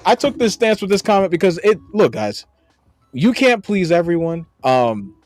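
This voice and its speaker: A man's voice: medium pitch, a little mellow, no echo. A man from the United States co-hosting a podcast, reacting to viewer comments in a blunt, profane, sarcastic way. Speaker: podcast co-host.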